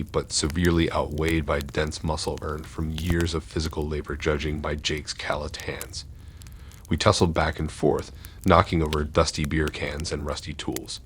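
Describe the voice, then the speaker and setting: A man reading horror stories aloud in a steady, dark scripted narration. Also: a bass voice, slight background noise.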